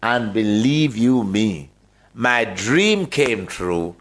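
An older man with a Jamaican accent and a fairly low voice tells stories as a radio guest. His talk is lively and full of laughter, and he repeats words as he goes. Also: drawn-out words. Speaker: interview guest, actor. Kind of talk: storytelling in a radio interview.

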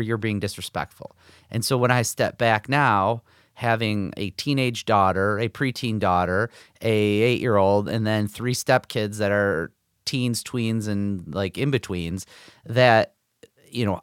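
A man's voice: fairly low pitch, fairly bright tone, clean tone, no room sound, clean studio sound. A man in his forties co-hosting a podcast, telling stories in a rambling, filler-heavy casual chat. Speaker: podcast co-host.

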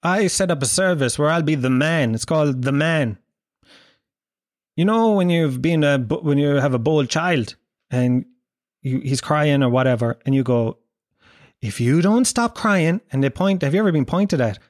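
A man's voice: a little high, expressive, normal speed, no echo, studio quality. Crude Irish man telling stories. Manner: crude, rambling storytelling with acted-out voices. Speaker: comedian. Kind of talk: comedic monologue.

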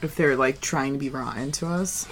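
A woman co-hosting a casual podcast chat, talking in a nonchalant, flat way and rambling with lots of "like"s. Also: very deep voice, moderate pace, loud music behind the voice. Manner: filler-heavy, rambling with many "like"s. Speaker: podcast co-host.

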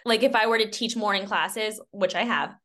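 Answering interview questions, a young cycling studio owner stays casual and upbeat, full of laughs and filler words. She speaks at normal speed with a medium pitch and a sharp tone.

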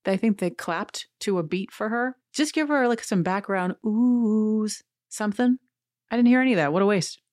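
A woman's voice: medium pitch, moderate pace, a little mellow, no echo, studio quality. A woman hosting a podcast, giving a chatty, giggly recap of a reality show with playful asides. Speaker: podcast host. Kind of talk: casual reality-TV recap commentary.

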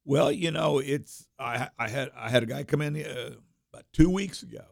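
A coin shop owner appearing as a guest on a talk radio show tells animated stories about his shop in a deeply gravelly voice heavy with vocal fry. He rambles at a normal speed, repeating words and restarting his sentences. The recording is dry and close, with no room sound.

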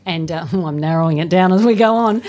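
Wry, chatty British woman, lowish voice. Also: fairly quick, darkish tone. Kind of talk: casual podcast chat.

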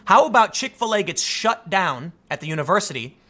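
A man delivers opinionated video commentary in an animated, rambling flow, often stammering and restarting his sentences. His voice is bright and forceful and sits slightly high for a man. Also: brisk. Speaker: political commentator.

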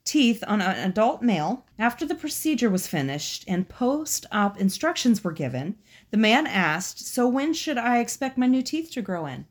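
Animated, giggly woman podcast host. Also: on the high side, moderate pace. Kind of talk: casual chat, reading funny stories.

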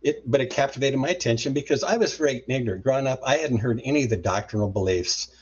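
A middle-aged man, a deliverance minister and guest, telling a story with lively acted-out quotes. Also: medium pitch, quick pace, husky, muffled recording. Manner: animated retelling with acted-out quotes. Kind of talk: storytelling interview.

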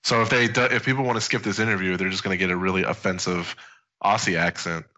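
A man's voice: deep voice, fairly even intonation, fast, bright, forceful tone. A man co-hosting a casual podcast, introducing guests in a loose, rambling way with lots of fillers. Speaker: podcast co-host. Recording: dull lo-fi audio.

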